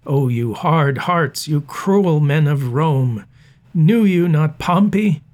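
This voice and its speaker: An angry Roman tribune , read aloud by a man, berates the crowd in slow, weighty verse. The voice sits fairly high for a man. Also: expressive. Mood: scolding. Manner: declaiming verse, slow and emphatic.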